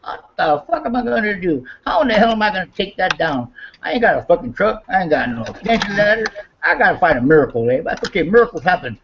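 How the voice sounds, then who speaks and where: A high-pitched man talks in a casual chat over a video call, joking and laughing a lot. His voice swings up and down with lively energy. The call audio comes through dull and lo-fi. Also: fast, background noise. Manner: animated, joking, laughs often.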